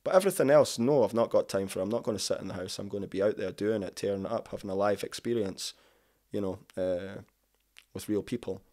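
A middle-aged musician appears as an interview guest, chatting casually with rambling enthusiasm and lots of "you know". He talks fast, in a lowish voice with a dark tone.

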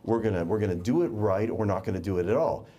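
A man's voice: on the low side, fast talker, mellow. A man preaching a sermon, emphatic and repeating words for stress.

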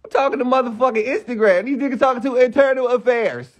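A man's voice: very high-pitched, quick pace. A young man ranting on a phone live stream, heated and profane, firing off rhetorical questions. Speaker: livestreamer.

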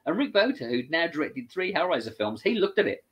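An English man recounts a long behind-the-scenes story as an interview guest, his voice sitting a little high for a man. He is lively and chatty, and he slips into the voices of the people he quotes. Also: brisk. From England. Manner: animated, acts out other people's lines. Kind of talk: casual anecdotal storytelling.

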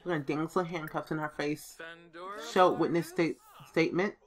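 In a low, fairly even voice at a moderate pace, a woman offers casual commentary on a life-simulation game as a let's play host. She reads choices aloud and gives the characters playful voices.

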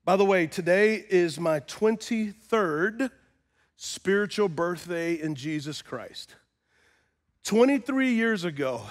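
A middle-aged man, a pastor preaching a sermon, who moves from calm storytelling to loud, impassioned crying out. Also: a little high.

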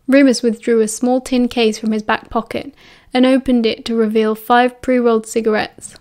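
Woman, British accent, audiobook narration, expressive, fairly high voice. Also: moderate pace, hardly any pauses.

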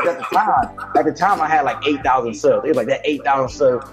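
Fast-talking man telling streaming stories. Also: mid-range voice, over music. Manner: fast, profane storytelling, acts out quotes. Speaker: Twitch streamer guest. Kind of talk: casual heated chat.

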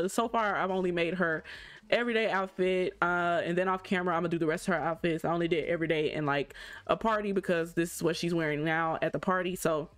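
A woman doing let's play commentary at her desk mic, chatty, excitable and gushing as she talks through her game. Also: on the low side, fast, dry recording. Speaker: gaming YouTuber.

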